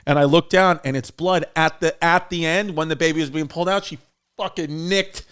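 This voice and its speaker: A man in his thirties co-hosting a comedy podcast, telling stories in an animated way and acting out what people said. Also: fairly high pitch, brisk, smooth. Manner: animated storytelling, acting out quotes. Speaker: podcast co-host. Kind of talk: casual comedy podcast chat.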